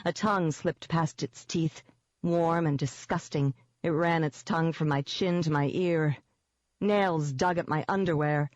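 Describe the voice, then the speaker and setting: A woman's voice: low voice, steady tone, measured pace, darkish tone, dry recording, lo-fi sound. Woman narrating a tense audiobook. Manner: tense, vivid storytelling. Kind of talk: first-person scripted narration.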